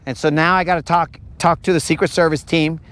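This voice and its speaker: A man with a fairly high voice spins a playful, rambling joke out loud, jumping in and out of quick impressions of the people in his story. He sounds laid-back and unscripted, like a podcast host recording out on a fishing boat. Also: little pitch movement. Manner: playful, acts out imagined dialogue in put-on voices. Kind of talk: casual joking monologue.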